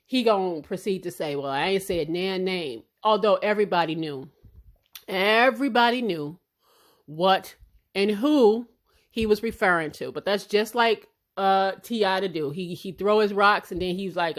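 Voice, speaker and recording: A woman hosting celebrity gossip commentary in a blunt, animated way, swearing freely. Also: medium pitch, moderate pace. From Chicago.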